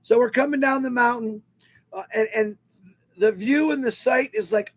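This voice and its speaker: A man telling a personal story to an online webinar audience in an animated, emotional way. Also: very high-pitched, moderate pace, slightly rough. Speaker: webinar speaker.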